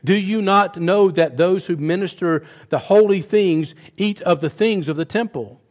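A man's voice: high-pitched, moderate pace. A middle-aged male pastor preaching a sermon, earnest, often restarting and repeating words as he tells a story.

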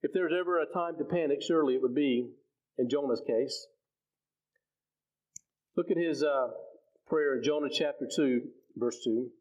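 A man with a slightly high voice gives a conversational sermon, stumbling and restarting as he works through scripture. The recording sounds dull and lo-fi. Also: moderate pace, pauses often, darkish tone. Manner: conversational, repeats words and restarts. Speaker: preacher.

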